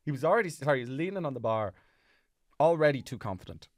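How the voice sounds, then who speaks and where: Man, comedy podcast co-host, rambling storyteller, middle pitch, dry close sound. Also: animated, fast talker, dry recording. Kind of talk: casual comedic chat.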